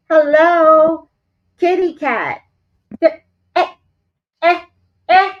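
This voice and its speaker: A woman vlogger chatting to her viewers while scolding her cat, jumping between loud exclamations and low muttered swearing. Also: sing-song, takes it slowly, pauses often, lo-fi sound. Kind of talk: casual livestream chat.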